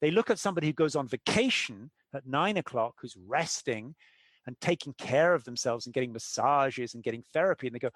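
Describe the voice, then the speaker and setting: Brisk and mid-range, a middle-aged man's voice comes through with no room sound as he lays out his ideas as an interview guest. He tells stories with animation, taking on the voices of the characters he quotes.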